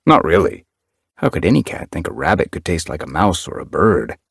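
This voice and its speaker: Man voicing a blunt warrior tomcat, low husky voice, storybook reading. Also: big pitch swings, fairly quick, dry recording, clean studio sound, full character voice. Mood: matter-of-fact. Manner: blunt, matter-of-fact. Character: tough young male warrior cat.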